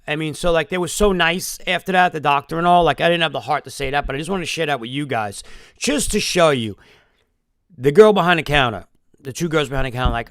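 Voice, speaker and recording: A man's voice: a little high, quick pace, a bit bright, no room sound, studio quality. A man telling a long emotional story in a rambling live-stream monologue, swearing often.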